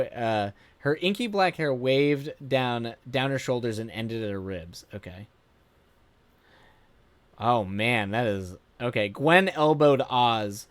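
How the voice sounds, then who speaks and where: A man streamer reading a viewer's story aloud, with animated laughing asides and frequent self-corrections. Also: medium pitch, dry recording.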